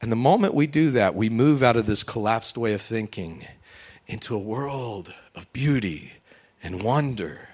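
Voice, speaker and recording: A middle-aged man preaching a sermon, swinging between loud, high bursts and quiet, low asides, and acting out quoted voices in a raised pitch. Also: expressive, measured pace, breathy edge. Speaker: pastor.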